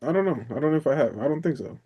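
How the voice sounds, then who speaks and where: A man's voice: on the high side, expressive, very fast, warm tone, breathy edge. A man from the Dominican Republic chatting on a video call, a loose storyteller who laughs often, swears, and calls the other person "bro". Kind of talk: casual chat on a coaching call.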